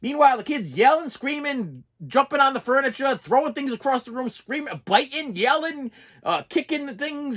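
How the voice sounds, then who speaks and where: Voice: sits high, fairly bright tone. A middle-aged preschool teacher telling a story in a casual rant, exasperated, often repeating words and restarting sentences.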